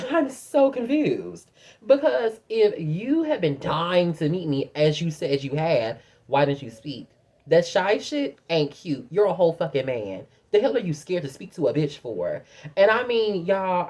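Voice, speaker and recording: A young woman vents to her viewers in a casual storytime rant, blunt and heavy on swearing. Her voice sits fairly low, yet it swings widely up and down as she acts out what others said. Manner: profane, blunt, animated storytelling with put-on quotes. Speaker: vlogger.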